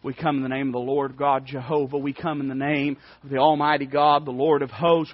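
A man preaching a sermon with fervor, swinging between quiet asides and loud declarations. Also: mid-range voice, a little fast, no echo. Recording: dry, dull lo-fi sound.

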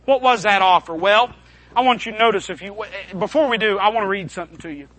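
High, bright-voiced male preacher. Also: quick pace, low-quality recording. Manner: rising to fervent emphasis, quoting King James scripture. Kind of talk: sermon.

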